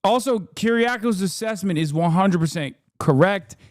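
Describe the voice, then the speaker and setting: A man's voice: high-pitched, animated, moderate pace, no room sound, studio quality. A man streaming live, reacting with crude, sarcastic commentary and frequent laughter.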